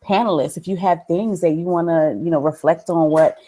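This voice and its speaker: A woman's voice: lowish voice, fairly quick. Chatty woman moderating an online panel. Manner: warm, chatty, laughing asides. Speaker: event moderator. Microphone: video call.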